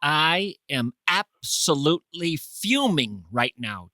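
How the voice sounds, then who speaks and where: Hosting his podcast, a man delivers a meandering comedic monologue and prank call, playing up mock indignation theatrically. His high voice is very animated yet unhurried, with a sharp edge. The studio sound is clean, without any room sound.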